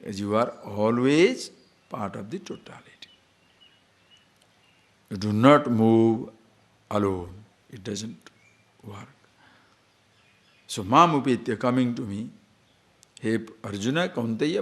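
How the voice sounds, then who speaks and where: A man's voice: medium pitch, animated. Male teacher lecturing on scripture, emphatic, keeps asking rhetorical questions. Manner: emphatic, rhetorical questions, chants verses slowly. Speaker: spiritual teacher.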